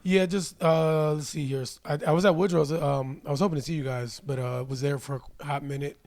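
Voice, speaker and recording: A man in his thirties, a guest comedian, chatting casually on a podcast with a raspy voice and a laid-back, rambling way of talking. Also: fairly high pitch, steady tone, fairly quick, darkish tone.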